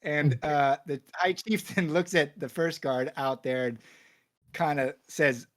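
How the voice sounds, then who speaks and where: Casual, halting game master narrating a game. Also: male voice, on the high side, a bit bright.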